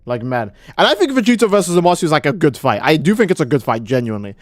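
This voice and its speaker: A man's voice: fairly high pitch, sing-song, rapid-fire, dry recording, studio quality. A man streaming live, ranting in a heated, profane way and often restarting his sentences. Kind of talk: casual live-stream rant.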